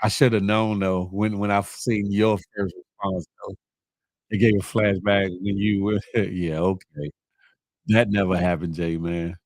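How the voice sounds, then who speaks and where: A man hosting a casual live morning show, chatting with viewers, laughing often and animated as he reads their comments. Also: fairly low pitch, measured pace, no room sound, rough recording. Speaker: livestream morning show host.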